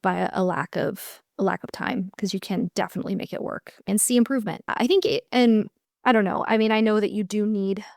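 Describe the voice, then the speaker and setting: Woman, American accent, podcast co-host, encouraging, gravelly fry, dry close mic. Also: medium pitch, fairly even intonation, a little fast, dry recording. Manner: thoughtful, encouraging, laughs often. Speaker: co-host, dance instructor. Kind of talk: casual podcast chat.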